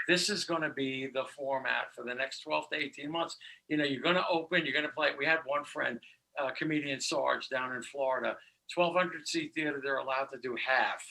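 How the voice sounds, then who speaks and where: Gravelly bright man telling a joke. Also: medium pitch, a little fast, low-quality recording. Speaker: band member. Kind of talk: casual chat and joke telling.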